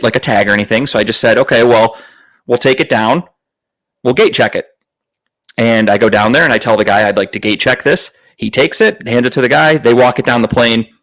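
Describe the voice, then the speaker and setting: A man's voice: mid-range voice, rough recording. Podcast host, male, mid-range voice, profane and exasperated, storytelling, with quoted lines acted out. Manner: acts out other people's lines in a raised voice. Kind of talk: casual storytelling chat.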